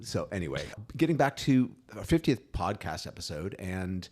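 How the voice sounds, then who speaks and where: A man's voice: deep voice, very animated, normal speed, a little mellow. A man co-hosting a podcast in casual chat, rambling with many restarts. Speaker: podcast co-host; graphic designer.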